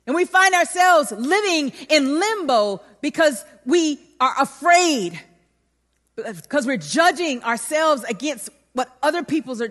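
A woman preaching a sermon in a large hall, telling a personal story with animated emphasis. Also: high-pitched. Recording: long hall reverb.

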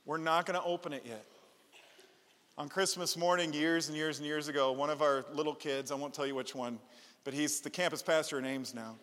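Middle-aged male pastor, kinda high voice, joking around mid-sermon, long echo in the church. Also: a little fast, a little hiss or hum. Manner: animated storytelling with playful asides. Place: church sanctuary.

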